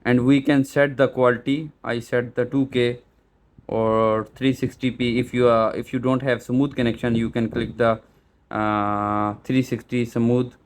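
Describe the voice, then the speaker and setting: Slow, halting man explaining a setup. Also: mid-range voice, level tone. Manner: hesitant, frequent fillers and restarts. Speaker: tech tutorial presenter. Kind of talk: step-by-step setup walkthrough. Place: small store.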